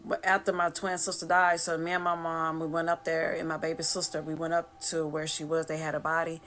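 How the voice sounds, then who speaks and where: A woman's voice: low-pitched, monotone, a little fast, fairly bright tone, slight background noise. A woman telling a personal story casually and emotionally, with laughter.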